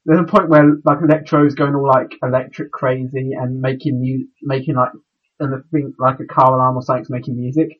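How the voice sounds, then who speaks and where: Husky-voiced man, halting podcast chat. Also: mid-range voice, fairly even intonation, highs cut off. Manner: halting, stumbles over words. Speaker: podcast co-host.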